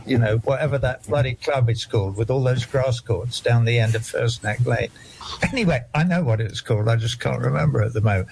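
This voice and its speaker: A man's voice: medium pitch, fairly quick, creaky, darkish tone, a little hiss or hum. An older man, talking in a rambling, digressive, indignant way during a casual discussion.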